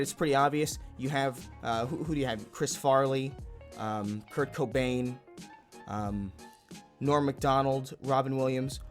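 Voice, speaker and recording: Deadpan man in a mock tutorial. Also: on the high side. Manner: deadpan, rambling with restarts. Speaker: comedy YouTuber parody host. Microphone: desk mic in home setup.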